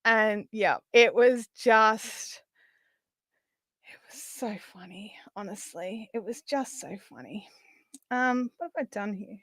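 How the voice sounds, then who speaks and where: Middle-aged Australian woman, craft-stream host, fairly high voice, rambling and chatty, close dry sound. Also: slow, dry recording. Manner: chatty storytelling, often trailing off into quiet asides. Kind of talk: casual chat while crafting.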